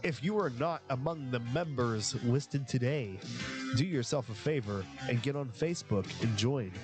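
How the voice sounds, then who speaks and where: A man's voice: medium pitch, normal speed, over music. A man co-hosting a casual podcast, joking and teasing his co-host with a slightly nasal voice. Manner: joking, teasing, animated name-reading. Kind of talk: casual chat.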